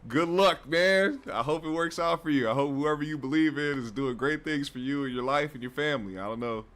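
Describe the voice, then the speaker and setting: A man's voice: fairly high pitch, a little fast, a bit bright. A man hosting a reaction show, mocking online commenters with crude, laughing banter. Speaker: show host reacting to clips.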